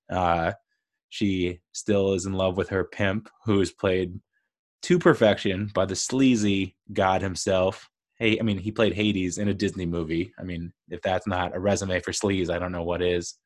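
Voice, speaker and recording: Low-voiced guy rambling through a movie review, laughs a lot, lots of "i mean" and "you know". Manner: rambling and chatty, with frequent laughs and fillers. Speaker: film reviewer. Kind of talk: casual movie review monologue.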